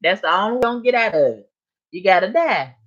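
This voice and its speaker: A woman hosting a casual live stream, chatting with viewers and answering their comments in relaxed vernacular speech. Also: medium pitch, fast talker. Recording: dull lo-fi stream audio.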